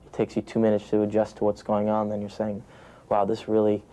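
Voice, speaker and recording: A man's voice: on the low side, completely flat delivery, quick pace, warm tone. A young American man, an actor, talking through an interview with many restarts and "you know" fillers. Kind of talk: press junket interview.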